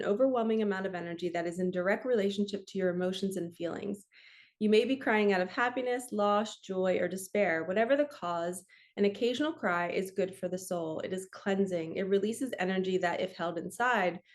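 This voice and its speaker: A woman spiritual coach reads from a book to her camera and adds her own thoughts. Her voice is gentle and earnest, and she laughs easily. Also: mid-range voice. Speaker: spiritual coach and card reader. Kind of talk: casual reading aloud from a book with commentary.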